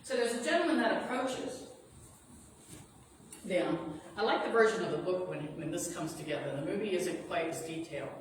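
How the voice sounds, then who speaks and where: A female reverend with a lowish voice, lively intonation, and moderate pace delivers a sermon, recounting a story earnestly and with reassurance. The noisy recording is distant and echoes around the spiritual center's sanctuary.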